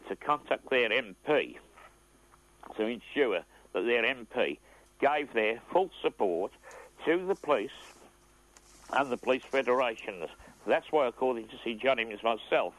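A man's voice: mid-range voice, lively intonation, a bit bright. Emotional male caller on a phone line. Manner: emotional, halting, throat-clearing. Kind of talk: phone-in call.

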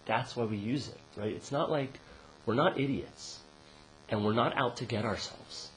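A man giving a conversational dharma talk as a meditation teacher. He keeps checking in with "right?" and gets animated and laughs while telling a joke. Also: normal speed, a little hiss or hum, low-quality recording. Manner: conversational, frequent "right?" tag questions; laughs and rises in pitch when telling a joke.

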